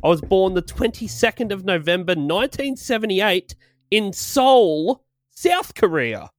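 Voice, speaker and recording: A man's voice: sits high, sing-song, measured pace, no echo. A man hosting a crude comedy game show, brash and sweary, laughing often.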